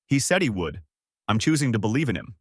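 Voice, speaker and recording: A man's voice: medium pitch, big pitch swings, a little fast, breathy edge, no room sound, studio quality. A man voicing a cheerful, naive young male martial artist in a fan-made story reading. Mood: casual. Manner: eager and blunt.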